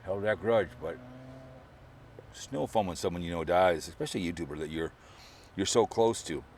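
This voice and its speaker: A man's voice: sits low, normal speed, a little mellow, a little hiss or hum. A middle-aged man rambling through a sarcastic mock eulogy on his video channel, at times putting on strained fake sobbing. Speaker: online video creator. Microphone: camera or phone mic, mic falls over.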